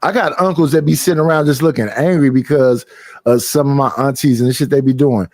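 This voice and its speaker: A man's voice: medium pitch, fairly even intonation, quick pace, a little mellow, dry recording, clean studio sound. A man on a casual podcast, telling stories animatedly and acting out other people with a raised voice, swearing freely. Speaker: podcast host. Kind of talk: casual chat.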